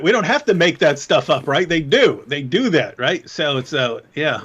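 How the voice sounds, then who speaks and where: A man talking over a dull, muffled stream audio, his voice sitting a little high for a man. He mocks and jokes in animated bursts and laughs as he goes. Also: normal speed, slightly rough. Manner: mocking, animated, laughs often. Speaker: co-host. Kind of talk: casual live-stream chat.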